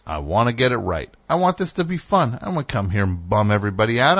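With big pitch swings, a quick pace, and a fairly bright tone, a man hosts a call-in radio show in a studio. He's candid and meandering, breaking off his own sentences and jumping up in pitch when worked up.

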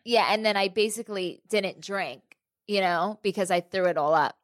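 A woman's voice: medium pitch, moderate pace. A woman hosting a podcast, chatting casually with short supportive replies and joking asides. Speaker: podcast host.

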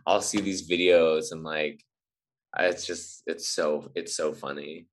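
A man's voice: very deep voice, steady tone, slow pace. A man who is an actor, a guest on a podcast, chatting casually and rambling with many fillers and restarts. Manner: rambling, hesitant, lots of fillers. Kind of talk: casual chat.

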